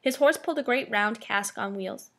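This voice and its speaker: A woman reading a children's chapter book aloud as narrator, in a steady, expressive way. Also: medium pitch, normal speed. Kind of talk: storybook read-aloud.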